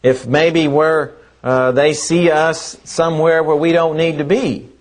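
Slow, earnest male preacher. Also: on the high side, level tone. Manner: slow, earnest, repeats phrases for emphasis. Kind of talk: sermon.

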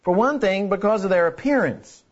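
A man's voice: high-pitched, animated, normal speed, breathy edge, lo-fi sound. A man preaching a sermon in an earnest way, repeating key phrases for emphasis. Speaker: pastor.

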